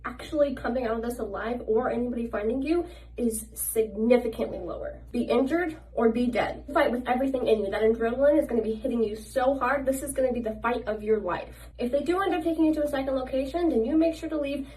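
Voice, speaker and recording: A woman talks quickly and insistently, her pitch sitting a little high, as she stresses each warning. Her voice is picked up from slightly away from the mic. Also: darkish tone, recorded from a distance, rough recording. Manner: emphatic and insistent. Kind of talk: urgent talking-to-camera safety advice.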